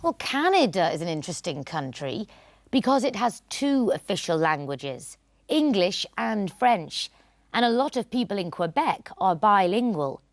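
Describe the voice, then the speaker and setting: A woman presenting a scripted English lesson in a clear, teacherly way, glossing phrases in Spanish. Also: medium pitch, sing-song, measured pace, no room sound, studio quality.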